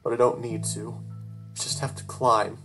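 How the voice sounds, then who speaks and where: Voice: mid-range voice, level tone, normal speed, a bit bright. A storyteller reading a first-person horror story aloud, with an emotional, tearful delivery and frantic outbursts. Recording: guitar music playing behind the voice.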